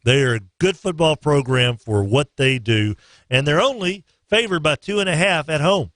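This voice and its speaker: A man's voice: a little high, lively intonation, normal speed, fairly bright tone, dry recording, clean studio sound. A man hosting a morning sports radio show, making picks in a loose, joking way. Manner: loose, joking, sings snatches of songs. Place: radio studio.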